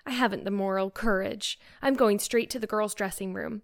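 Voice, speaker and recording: Storybook: woman reader doing an effusive teenage girl, earnest, mid-pitched. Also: fairly even intonation, moderate pace, vocal fry, close to an everyday voice. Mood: anxious. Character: eager, dreamy teenage girl. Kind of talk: audiobook character reading.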